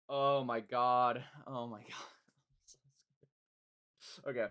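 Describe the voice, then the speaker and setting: A man live-streaming his reaction to a song, with blunt, exclaiming comments and quick critical asides. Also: mid-range voice, little pitch movement, fairly bright tone, clean tone.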